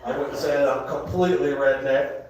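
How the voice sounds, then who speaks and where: A man's voice: medium pitch, steady tone, fairly quick, a little mellow, far from the mic, slight background noise. A man with a Southern US accent doing a rambling stand-up comedy set, often laughing at his own jokes. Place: comedy club, indoors. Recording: echoey club room, live crowd.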